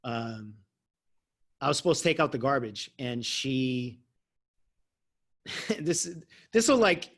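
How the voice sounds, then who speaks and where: A man's voice: mid-range voice, big pitch swings, slow, pauses often, a bit bright. A man who works as a life coach, telling a story in a casual, self-mocking way and laughing often.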